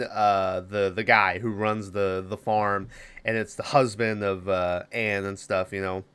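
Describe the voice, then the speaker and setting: A man hosting a podcast, recapping a film plot in a casual, rambling way, swearing freely and filling pauses with "uh" and "you know". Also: lowish voice, a bit bright, clear, resonant tone. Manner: profane, rambling, lots of fillers. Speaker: podcast host.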